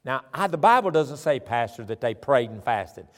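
A man with a Southern accent from Tennessee and Alabama, preaching a folksy, animated sermon with chatty asides. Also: mid-range voice, moderate pace. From southern Tennessee and northern Alabama. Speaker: pastor. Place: large church sanctuary. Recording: church hall reverb.

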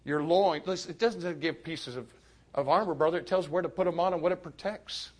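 A man preaching a youth sermon, moving from quiet confiding to sudden shouted emphasis. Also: fairly high pitch, a little fast.

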